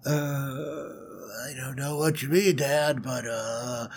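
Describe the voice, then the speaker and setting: A man voicing a timid young man who stammers as he poses as his tough brother, with a husky voice. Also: mid-range voice, steady tone, takes it slowly. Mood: nervous. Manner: hesitant, stammering.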